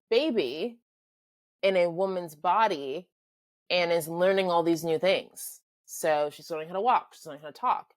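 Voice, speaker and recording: Lower-voiced woman podcast co-host. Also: no room sound. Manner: explains calmly, mimics characters. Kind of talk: casual film review chat.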